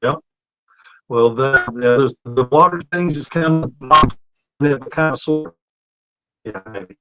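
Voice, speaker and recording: A man's voice: mid-range voice, takes it slowly, lo-fi sound, noisy background. A man chatting as a guest in a casual interview, rambling and hesitant.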